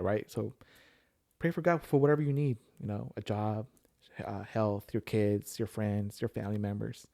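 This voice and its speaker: A podcast guest tells a personal story in casual conversation, rambling along with lots of fillers and restarts. His voice sits lowish and is creaky yet mellow, with a steady tone at a normal speed.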